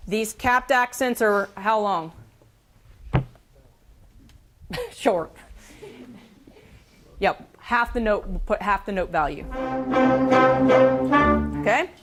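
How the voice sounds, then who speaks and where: Woman band teacher running class, brisk and bossy, counts off beats. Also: medium pitch, lively intonation, noisy background. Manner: brisk, directive, counting aloud. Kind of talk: classroom instruction.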